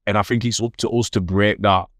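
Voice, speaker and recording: Low-voiced man hosting a podcast interview. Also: fairly even intonation, brisk, dry recording, studio quality. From England. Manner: reflective, affirming, lots of "yeah". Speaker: host.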